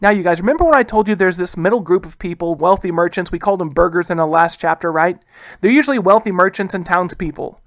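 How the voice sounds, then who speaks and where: Here a man with a high-pitched, fairly bright tone, recorded without echo, lectures casually on history. Quick quoted asides let him play historical figures, while he peppers the talk with "guys" and rhetorical questions.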